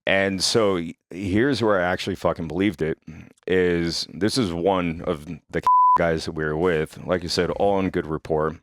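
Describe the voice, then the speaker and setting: A young man hosting a podcast, telling a story in a casual, profane and animated way. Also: sits low, normal speed, no echo, clean studio sound. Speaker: podcast host.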